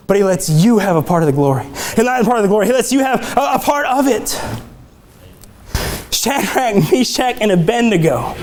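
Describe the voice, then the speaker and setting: A man preaching an impassioned sermon in a small church room. His voice climbs higher as he gets excited, and he sometimes stumbles over words. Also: a little hiss or hum. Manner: impassioned, exclamatory, some stumbles.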